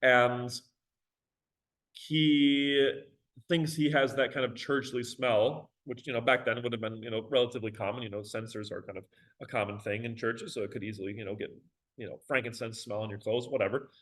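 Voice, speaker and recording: A man's voice: mid-range voice, steady tone, moderate pace, a bit bright, rough recording. A male teacher giving a recorded lecture on a poem, talking casually with many fillers and reading verse aloud with drama.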